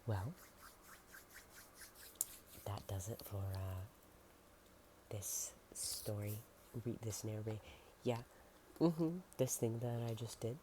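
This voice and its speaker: A soft-spoken ASMR narrator reading a storybook aloud, slipping into whispers and making playful asides. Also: medium pitch, slow, pauses often, noisy background.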